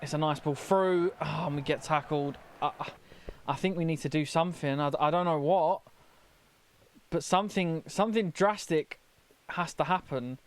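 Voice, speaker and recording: Commentating casually on his football video game, this young gamer stumbles over his words and grows flustered as things fall apart. His voice is a touch high, his pace normal, and the audio is completely dry with no room sound.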